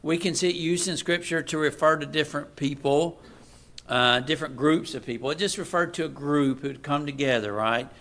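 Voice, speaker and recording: Gravelly, bright-toned male preacher. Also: a little high, normal speed. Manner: builds from quiet asides to loud emphatic scripture reading. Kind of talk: sermon.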